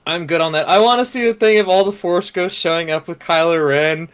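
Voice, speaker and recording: High-voiced excitable man, podcast co-host. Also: brisk, clear, resonant tone. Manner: excitable, opinionated, swears freely. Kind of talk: casual chat.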